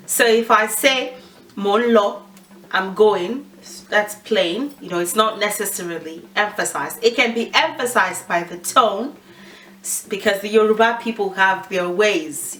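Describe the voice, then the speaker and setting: A woman's voice: medium pitch, fairly bright tone, far from the mic, low-quality recording. A woman giving a casual language lesson, chatty and laughing often as she mixes in Yoruba phrases.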